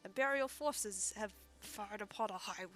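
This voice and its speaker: A woman's voice: mid-range voice, unhurried, a bit bright, soft background music, close to an everyday voice. Dutiful young soldier reporting to his officer, voiced by a woman streamer. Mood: urgent.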